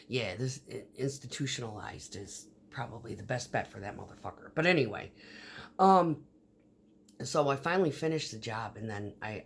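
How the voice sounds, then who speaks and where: A woman's voice: very deep voice, expressive, normal speed, a bit bright, husky. A woman vlogger telling stories in a casual, rambling monologue, swearing often, with many fillers and restarts. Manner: profane, storytelling, frequent fillers and restarts.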